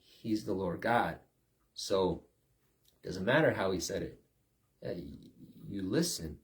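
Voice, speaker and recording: A man preaching in a loose, conversational sermon, his voice sitting on the low side. He keeps checking in with his listeners and slips into quick acted lines along the way. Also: animated. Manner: conversational preaching with acted-out quotes and repeated "right?".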